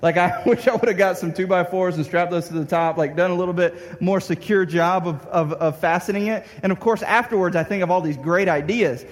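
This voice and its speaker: A young man preaches through a funny personal story, his voice pitched high and ringing with a long hall reverb. He acts out his own frustration, now and then breaking into a shout. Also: brisk, hardly any pauses. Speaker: pastor. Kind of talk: storytelling sermon.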